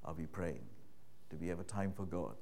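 A man preaching a sermon in a conversational way, full of "you know" and "right?", moving from hushed low talk to loud, raised passages. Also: animated, a little fast, gravelly.

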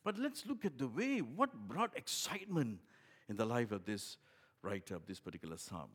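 A man delivers a sermon with a mid-range voice. He builds to loud, emphatic bursts, then drops to quiet, low asides. He repeats phrases and restarts lines as he explains. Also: sing-song, normal speed, husky. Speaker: pastor.

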